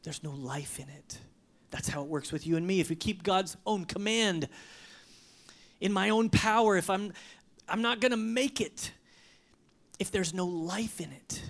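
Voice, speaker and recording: A pastor preaching a sermon with emphatic delivery, swinging from loud, high bursts to hushed, almost whispered lines. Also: normal speed, long pauses.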